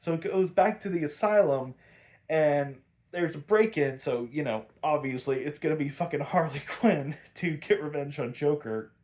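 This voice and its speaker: A man's voice: fairly high pitch, moderate pace, darkish tone. A man hosting a podcast, casually recapping a cartoon episode in a chatty, filler-heavy way. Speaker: podcast host.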